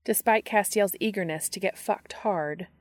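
A woman podcast host reading fan fiction aloud in a steady, measured narration. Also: medium pitch, dry recording, studio quality. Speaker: podcast reader.

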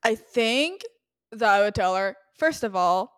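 A woman's voice: mid-range voice, animated, measured pace, a bit bright, smooth, no room sound, studio quality. A young woman co-hosting a casual podcast, blunt and profane, her talk full of fillers. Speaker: podcast co-host.

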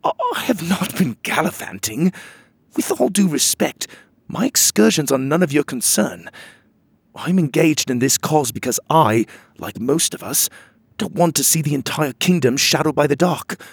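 A man's voice: on the high side, lively intonation, normal speed, gravelly, breathy edge, dry recording, pitched above the performer's own voice, full character voice. A man voicing an earnest young fairy king who speaks formally and a little flustered, in a storybook.

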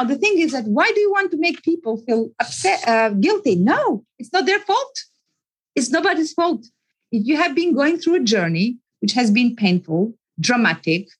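A woman's voice: on the high side, breathy edge, low-quality recording. A woman psychologist, an interview guest, telling a personal story in an earnest way, repeating words and often restarting her sentences.

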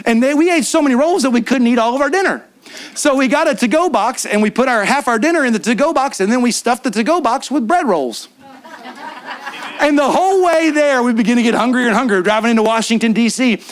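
A man preaching at a church conference, telling a story in an animated way and acting out what his friends said. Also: extremely high pitch, quick pace. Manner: animated, acts out friends' lines. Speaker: guest preacher. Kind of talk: storytelling sermon. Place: church in front of a congregation.

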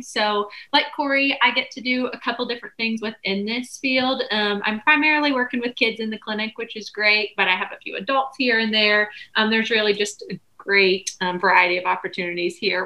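A woman's voice: fairly high pitch, pushed and bright, rough recording. A woman in her twenties, a speech language pathologist, talking cheerfully as a podcast guest. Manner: cheerful, easygoing. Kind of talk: interview.

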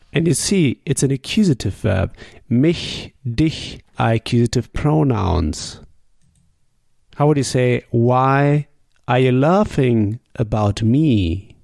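A man, a native German speaker, teaching a language lesson with patient drills and sample sentences spoken slowly. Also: medium pitch, animated, gravelly, darkish tone, no room sound, clean studio sound.

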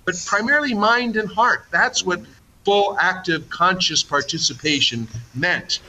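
Bright-voiced archbishop guest. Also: male voice, high-pitched, rough recording. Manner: reflective, halting with restarts. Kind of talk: conversational radio interview.

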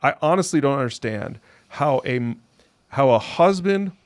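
A man's voice: mid-range voice, animated, a little slow, no echo, studio quality. A man, a pastor and co-host, talking in a casual discussion and reading scripture aloud, incredulous and emphatic, repeating his phrases.

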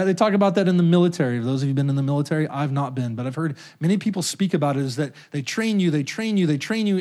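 Animated high-voiced male preacher. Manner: conversational preaching, repeated "right?" to the congregation; acts out quoted thoughts and voices with sudden pitch jumps. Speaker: pastor. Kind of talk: sermon.

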